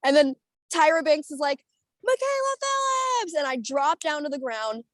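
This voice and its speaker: A woman's voice: high-pitched, moderate pace, dry recording. A young woman from the United States, a singer telling stories in a chatty, rambling way over a video call, full of fillers and laughter. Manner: bubbly, animated, rambling with many fillers and laughs. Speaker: singer being interviewed.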